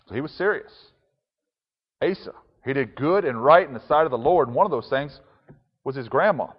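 A pastor preaching a conversational sermon with chuckling asides, reading and explaining scripture. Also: male voice, mid-range voice, expressive, a little fast, husky, big-room sound, dull audio.

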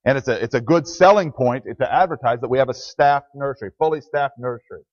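Speaking at a quick pace in a medium-pitched voice, this man preaches as a church pastor in a conversational style, answering his own questions to the congregation in plain terms. There's no echo, and the lo-fi audio sounds dry and dull.

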